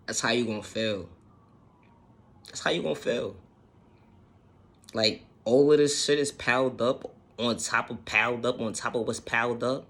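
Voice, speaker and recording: A self-help vlogger speaks at a normal speed in a medium-pitched male voice, giving a casual motivational monologue about self-healing. He's earnest, circles back to repeat his points, and swears now and then.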